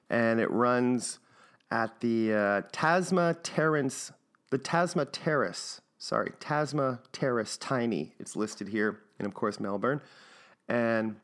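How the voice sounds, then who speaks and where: A man hosting a podcast, rambling through plugs and shout-outs with jokes and plenty of fillers. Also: medium pitch. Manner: rambling, jokey, many fillers. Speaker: podcast host. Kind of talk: casual podcast intro.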